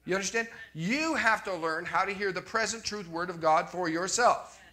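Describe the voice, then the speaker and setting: A man from Canada preaching to a congregation in a bright, forceful voice. He talks conversationally, repeats key lines and keeps asking the crowd whether they follow. His voice sits a touch higher than most men's. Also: moderate pace. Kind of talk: sermon.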